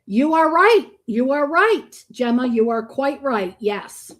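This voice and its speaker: A woman's voice: high-pitched, very animated, takes it slowly. Blunt, cursing woman streamer. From Florida. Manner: blunt, swears freely, groans in disgust. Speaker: livestream host. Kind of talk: live reaction stream, chatting with viewers. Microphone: streaming microphone.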